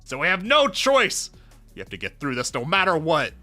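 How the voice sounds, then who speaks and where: A man voicing an excitable young schoolgirl in a game, speaking loudly and in a panic. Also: quick pace, soft background music, heavily acted. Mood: panicked. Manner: panicked, loud, high-pitched.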